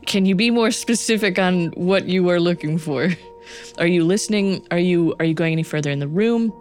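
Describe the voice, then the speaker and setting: A young woman narrating a tabletop game as game master, relaxed and hesitant. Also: fairly low pitch, brisk, soft background music. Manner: relaxed, hesitant, many fillers.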